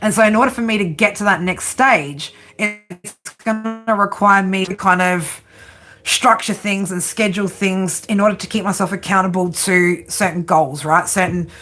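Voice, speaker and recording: A woman's voice: mid-range voice, fairly even intonation, moderate pace, a bit bright. A woman hosting a casual live-stream tarot reading, chatty and giggly, often ending her lines with "right?".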